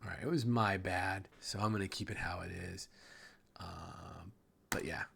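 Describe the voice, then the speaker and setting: A man's voice: low voice, moderate pace, gravelly, fairly bright tone, slight background noise. A man narrating a tabletop game as game master, rambling casually, swearing and trailing off mid-sentence.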